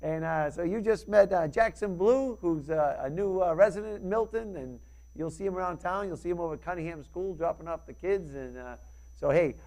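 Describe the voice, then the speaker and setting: Quick-talking man hosting a local talk show. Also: high voice, a little mellow. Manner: friendly, rambling, halting with fillers. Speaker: local cable show host. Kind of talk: casual interview chat.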